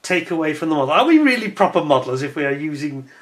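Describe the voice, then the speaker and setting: A man's voice: fairly high pitch, sing-song, fast talker, a bit bright. A man hosting his own channel in casual chat to camera, chatty and self-deprecating, and he laughs often. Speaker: scale-model channel host.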